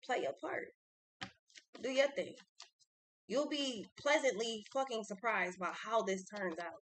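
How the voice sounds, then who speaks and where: A woman's voice: fairly high pitch, unhurried, fairly bright tone. Blunt, profane woman reading tarot. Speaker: tarot reader. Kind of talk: casual tarot reading monologue.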